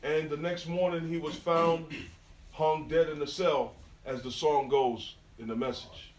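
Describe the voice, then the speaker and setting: A man's voice: a little high, a little slow. A man from New York with a New York accent, telling stories in slang to an audience at an artist talk. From New York, USA. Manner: street slang, animated storytelling with quoted dialogue. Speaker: guest speaker at an artist talk. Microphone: phone recording from the audience. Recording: distant phone recording.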